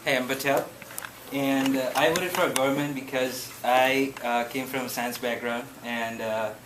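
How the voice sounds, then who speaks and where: A male student giving halting, soft peer feedback with many fillers. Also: medium pitch, steady tone. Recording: echoey, very noisy classroom recording.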